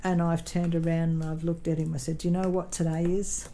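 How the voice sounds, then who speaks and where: This Australian woman speaks in a low, level, mellow voice at a fairly quick clip. Vlogging casually at home as she crafts, she rambles through a long personal story, often saying um and correcting herself. The recording is rough.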